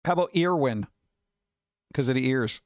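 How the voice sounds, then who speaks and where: A man hosting a live stream, talking casually and chattily with relaxed asides. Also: medium pitch, moderate pace, no room sound, studio quality. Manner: laid-back, chatty, trailing off into asides. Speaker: streamer host.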